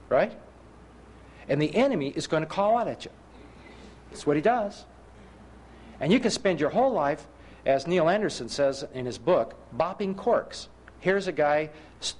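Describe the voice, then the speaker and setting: A man's voice: on the high side, slight background noise. A middle-aged man preaching a sermon, telling personal stories with self-mocking humor and asking his listeners rhetorical questions.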